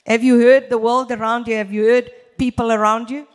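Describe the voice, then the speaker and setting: A woman preaching a church sermon in an emphatic, deliberate way, speaking straight to her congregation. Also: fairly high pitch, little pitch movement. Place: church hall. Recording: long hall reverb.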